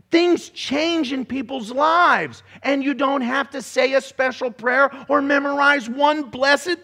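A man preaching a sermon to a room, energetic and animated, breaking into shouts and laughs. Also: high-pitched. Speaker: pastor. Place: church room with congregation.

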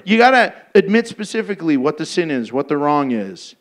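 A man's voice: fairly high pitch, very animated, brisk, few pauses. A man preaching a sermon in a blunt, emphatic, exhorting way.

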